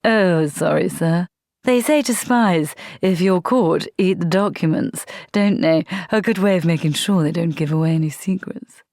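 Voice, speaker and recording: A woman voicing a calm, dryly amused male vampire soldier. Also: normal speed, dry recording, lightly acted. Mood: wry calm. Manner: calm, dry, low drawl. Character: cool, wry male vampire private.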